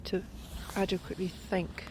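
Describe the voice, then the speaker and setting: A woman narrating a walking travel vlog through cemetery grounds outdoors, speaking softly and reflectively and often dropping to a hush. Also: on the low side, flat delivery, moderate pace. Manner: reflective, soft-spoken, often drops to a hush. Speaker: travel vlogger. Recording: clear outdoor background noise.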